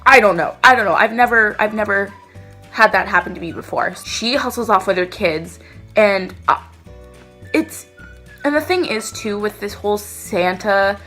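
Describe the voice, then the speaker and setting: A young woman in her twenties telling a dramatic storytime vlog in an animated way. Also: medium pitch, moderate pace, soft background music. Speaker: vlogger.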